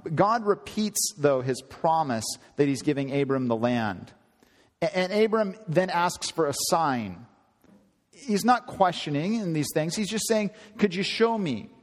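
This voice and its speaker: A man preaching a conversational sermon, often climbing higher in pitch for emphasis. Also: unhurried. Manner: conversational, animated, rising to high emphasis. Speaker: pastor. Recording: long hall reverb.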